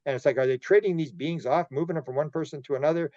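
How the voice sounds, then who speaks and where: A man's voice: on the high side, rapid-fire, mellow, dry recording. Rambling Canadian man, dull recording. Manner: rambling, repeats words, acts out quoted dialogue. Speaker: podcast guest, UFO researcher. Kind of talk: storytelling interview.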